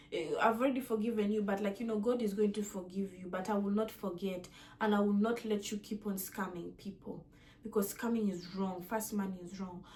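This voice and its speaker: A young woman, telling a storytime rant to her viewers in an indignant, repetitive way. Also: mid-range voice. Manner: indignant, repetitive, animated emphasis. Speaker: vlogger.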